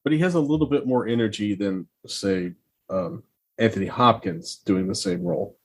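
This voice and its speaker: A man's voice: on the low side, expressive, normal speed. A man co-hosting a film podcast, casually sharing trivia with some hesitations. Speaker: podcast co-host.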